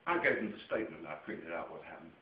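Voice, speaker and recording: An English man telling a rambling personal story to camera, heavily profane and excitable, dropping to a mutter one moment and nearly shouting the next. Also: sits low, fast talker. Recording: echoey room, dull lo-fi camera sound, faint noise.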